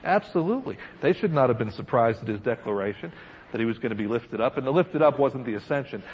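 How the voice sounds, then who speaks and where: A man preaching a Bible study in a middle, ordinary pitch, reading verses and then breaking into animated comments with frequent chuckles. The recording sounds dull and lo-fi, with faint noise behind him. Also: fast talker. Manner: lively, laughing asides, reads scripture then comments.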